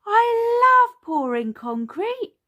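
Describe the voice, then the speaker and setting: A woman voicing Peppa Pig, a cheerful little girl piglet, in an excited storybook reading. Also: medium pitch, measured pace, muffled recording. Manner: excited, squealing. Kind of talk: storybook character voice.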